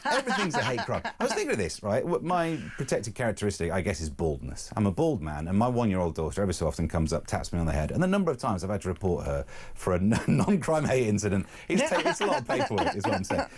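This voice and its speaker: A man's voice: lowish voice, slightly rough. A male talk radio host in casual studio chat, sarcastic and opinionated. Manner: animated, sarcastic, quick-talking.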